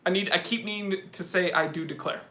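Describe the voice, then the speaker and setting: A man's voice: sits high, a little fast, bright, forceful tone. A man voicing a blustering Southern cartoon rooster with a drawling, repetitive delivery. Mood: blustery. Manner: drawling, repeats "I do declare". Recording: echoey room.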